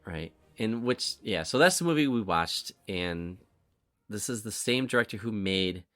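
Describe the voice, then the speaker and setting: Male podcast host, lowish voice, chatty and meandering, hedges a lot. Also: animated, a little slow, fairly bright tone, no room sound, faint music behind. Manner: rambling, apologetic, circles back on itself. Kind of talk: casual movie-review chat.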